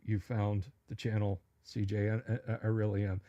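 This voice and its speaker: A man hosting a livestream who chats casually with viewers and goes into opinionated, animated rants with stammered restarts. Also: lowish voice, normal speed, few pauses. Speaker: livestream host. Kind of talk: casual chat reading viewer comments.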